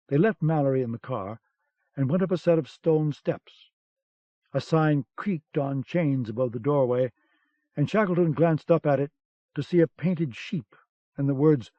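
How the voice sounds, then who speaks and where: A man narrating a novel in a steady, measured way for an audiobook. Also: on the high side, dry recording. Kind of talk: scripted narration. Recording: dull cassette-era audiobook sound.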